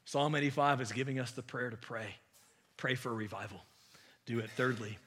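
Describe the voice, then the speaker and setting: Preaching a sermon, a pastor speaks with passion, swinging between loud emphasis and hushed asides. His voice is medium-pitched and his speed normal.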